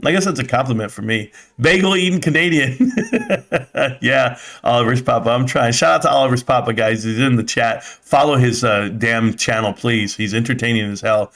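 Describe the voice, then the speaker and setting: A livestream host rambles chattily while reading viewer comments, swearing now and then. His medium-pitched, slightly bright voice has vocal fry and fairly even intonation, moving fairly quickly with few pauses.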